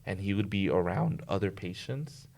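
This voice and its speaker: A young man co-hosting a podcast, chatting casually and telling animated stories with lots of fillers. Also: low-pitched, moderate pace, creaky. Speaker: podcast co-host. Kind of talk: casual chat.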